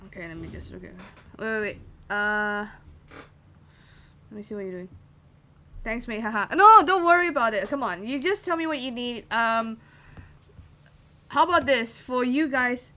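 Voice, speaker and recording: A woman's voice: on the high side, moderate pace, long pauses, sharp tone. Chatty woman streamer, lots of fillers. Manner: rambling, many fillers, answering chat. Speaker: composer streaming to chat. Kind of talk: casual livestream chat.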